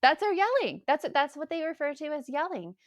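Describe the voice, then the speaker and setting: A middle-aged woman co-hosting a parenting podcast in casual chat, animated and laughing often. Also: high voice, fairly quick, no echo. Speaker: podcast co-host.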